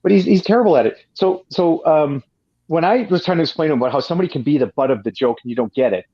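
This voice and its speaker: A man's voice: on the high side, quick pace, breathy edge, no room sound, dull audio. A man from Canada, a guest telling long profane stories in casual chat, with many restarts. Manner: profane, rambling, frequent restarts.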